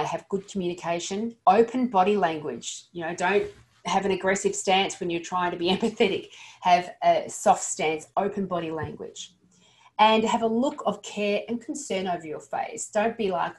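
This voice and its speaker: A woman giving an earnest, practical lesson to dental practice staff, sometimes stumbling and restarting her sentences. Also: lowish voice. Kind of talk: instructional talk to dental staff.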